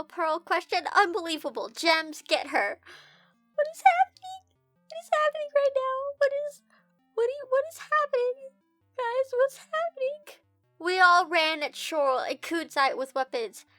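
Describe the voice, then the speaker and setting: Bright high-voiced woman, incredulous. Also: no echo. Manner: incredulous, swears and laughs, shrieks high when confused. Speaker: reader reacting to a fan story. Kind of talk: comedic reading with reactions.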